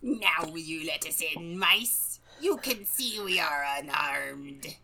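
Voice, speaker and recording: A woman putting on the voice of a menacing male rat warlord, in a drawn-out, hoarse villain drawl. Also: sits low, lively intonation, bright, forceful tone, pitched below the performer's own voice, exaggerated voice.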